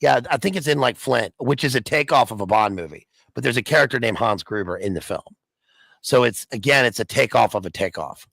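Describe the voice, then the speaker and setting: A man's voice: medium pitch, lively intonation, brisk, creaky, fairly bright tone, no echo, poor audio. A man, a guest on a video stream, chatting casually and musing aloud with many restarts. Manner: rambling, restarts often, muses aloud. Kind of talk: casual chat.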